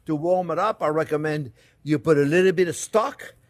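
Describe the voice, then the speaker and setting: A man's voice: fairly high pitch, normal speed, a little hiss or hum. A man, a chef giving a casual cooking demonstration in his kitchen. He keeps calling his viewers "friends" and laughs easily. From France. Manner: chatty, repeats "friends" often, laughs easily.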